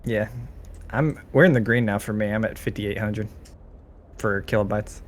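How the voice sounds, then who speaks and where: A man's voice: on the low side, moderate pace. A man in casual pre-session chat, joking while troubleshooting the stream for the group.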